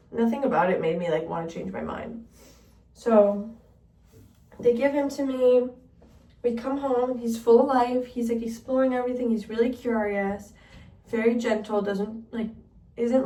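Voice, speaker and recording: In a fairly high, warm voice at a normal pace, a young vlogger chats casually, telling a meandering story filled with "like." The sound is roomy, as if captured from a distance.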